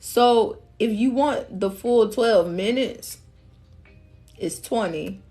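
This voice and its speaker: A woman's voice: a little high, slow, mellow, soft background music. Chatty woman giving a live tarot reading. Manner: casual, chatty, laughs often, calls listeners love and queen. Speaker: tarot reader.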